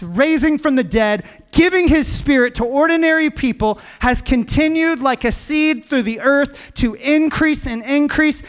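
A man's voice: extremely high pitch, a bit bright, clear, resonant tone. A man preaching a sermon to a congregation, building emphatic lists and calling on the listeners to answer back. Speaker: pastor.

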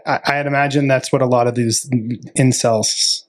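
A man with a mid-range voice co-hosting a podcast. He speaks reflectively and haltingly in casual chat, restarting his sentences and leaning on fillers. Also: medium pitch, fairly even intonation. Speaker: podcast co-host.

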